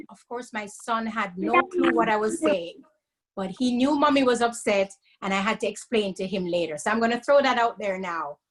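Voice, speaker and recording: A woman, co-hosting a casual live-stream chat over a video call, explaining things in a measured way. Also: medium pitch, a bit bright, poor audio. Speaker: co-host.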